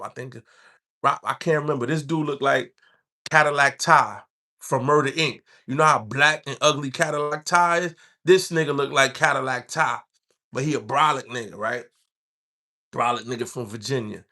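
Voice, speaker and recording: A man's voice: medium pitch, gravelly, bright, forceful tone. A man from the Bronx with a New York accent, telling a rambling street story in casual talk. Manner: streetwise, rambling, acts out quoted voices.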